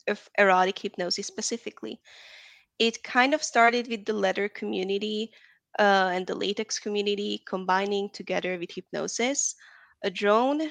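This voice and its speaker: A woman's voice: medium pitch, gravelly, fairly bright tone, no echo. A woman from Texas, a guest in a casual interview, talking in a chatty, rambling way and laughing often.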